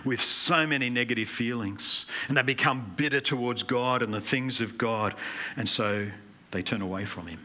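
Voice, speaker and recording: A man's voice: medium pitch, normal speed, slight background noise. A male pastor delivering an earnest, emphatic sermon in a church. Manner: earnest, emphatic preaching with animated anecdotes. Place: church hall.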